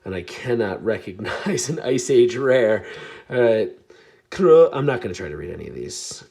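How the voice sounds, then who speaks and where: A man's voice: medium pitch, moderate pace, gravelly. Chatty man opening card packs. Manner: chatty, self-deprecating, bursts of excitement at good pulls. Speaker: card pack opening vlogger. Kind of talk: casual pack-opening commentary.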